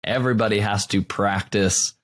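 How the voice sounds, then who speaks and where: Male podcast host, lowish voice, casual and self-reflective. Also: steady tone, moderate pace. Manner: reflective, frequent "right?" tags. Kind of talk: casual interview chat.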